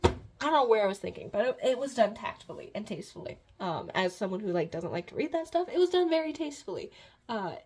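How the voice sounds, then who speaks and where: A woman with a fairly high voice recapping a book in a loose, chatty way. She rambles, stumbles over fillers and giggles often as she retells the plot. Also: very animated, fast talker, a little mellow, breathy edge. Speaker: book reviewer.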